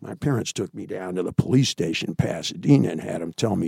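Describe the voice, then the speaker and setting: Gravelly man in his sixties telling stories. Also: sits low, quick pace, no echo, studio quality. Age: 60s. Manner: animated raconteur, swings between loud and hushed; blunt, swears freely. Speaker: interview guest. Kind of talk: candid storytelling interview.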